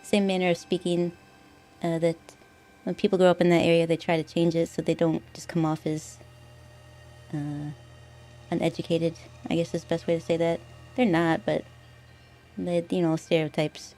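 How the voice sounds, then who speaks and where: A woman streamer chats casually while she plays a game, thinking aloud. Her voice sits a bit low. Faint game music plays under her talk. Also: little pitch movement, moderate pace, pauses often, dark tone. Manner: chatty, thinking aloud with fillers and laughs. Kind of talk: casual gameplay commentary.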